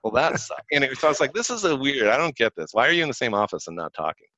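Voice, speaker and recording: A man's voice: medium pitch, racing, dry recording, low-quality recording. A man in a casual chat telling stories at length, animating the quoted people with jumps in his voice. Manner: animated storyteller, acts out quoted dialogue, frequent likes. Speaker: guest telling career stories.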